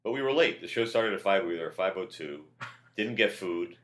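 A man, a comedian guest, telling stories in casual chat with a loud, projecting, animated delivery. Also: low-pitched, fairly quick, a little hiss or hum.

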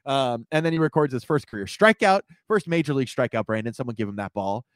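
A man co-hosting a casual podcast, talking through a movie in a loose, rambling way. He laughs often and drops casual profanity. His middle-pitched voice is recorded close and dry, with no room sound. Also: lively intonation, fast, no room sound. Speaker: podcast co-host. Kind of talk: casual movie review chat.

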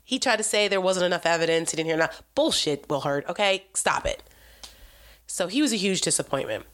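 A woman's voice: on the low side, animated, brisk, fairly bright tone. A woman giving an opinionated, sarcastic political commentary monologue, talking with exasperation and emphasis.

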